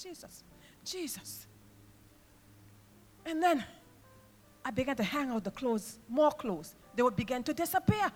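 A woman preaching an impassioned sermon in a church, moving from quiet storytelling to shouted praise. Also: extremely high pitch. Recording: reverberant church hall with music behind.

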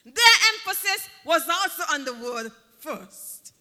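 A man preaching with a strikingly high, bright, ringing voice that swoops lively up and down. He drives his points home by repeating key words. His sermon echoes with a long reverb through a large hall. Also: measured pace.

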